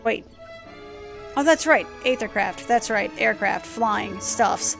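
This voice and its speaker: A woman streamer giving casual let's-play commentary, rambling, excitable and profane as she goes. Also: mid-range voice, takes it slowly, vocal fry, over music. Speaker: gaming streamer.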